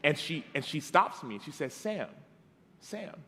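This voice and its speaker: A man in his thirties preaching a conversational storytelling sermon. He acts out the dialogue and drops to soft tones. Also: a little high, a little fast. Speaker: guest preacher. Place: church sanctuary. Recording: long hall reverb.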